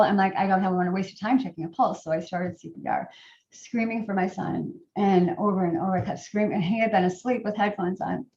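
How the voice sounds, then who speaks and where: A middle-aged woman telling a personal story to a group, in a halting way with many fillers and restarts. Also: mid-range voice, darkish tone. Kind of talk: personal testimony talk. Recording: roomy, distant, dull sound.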